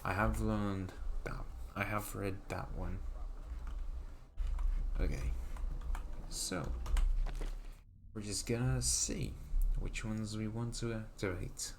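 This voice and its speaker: A man streaming a video game, quietly reading menu options aloud and thinking out loud in a casual, mumbled way. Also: lowish voice, fairly even intonation, takes it slowly, creaky, long pauses, background noise. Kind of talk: casual gameplay commentary.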